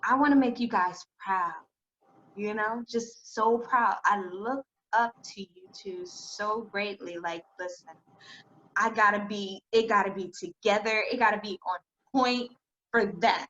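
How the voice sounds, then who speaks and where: A woman's voice: medium pitch, measured pace, pushed and bright, dull audio. Effusive woman podcast host. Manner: effusive, emotional, gushing praise. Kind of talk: casual conversation.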